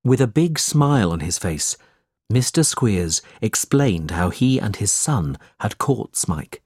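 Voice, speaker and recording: A man narrates a storybook in a slow, measured reading. His voice is husky, with a lively rise and fall in pitch. The sound is dry and close. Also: dry recording.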